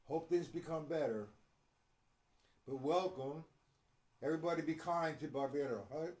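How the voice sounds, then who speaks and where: A man's voice: on the high side, normal speed, darkish tone. A middle-aged man teaching a live-streamed drum lesson, explaining to viewers and addressing them by name.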